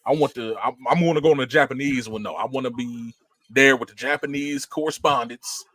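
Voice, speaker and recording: A man co-hosting a podcast in casual chat, animated and slangy, laughing often. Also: mid-range voice, a little fast. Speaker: podcast co-host.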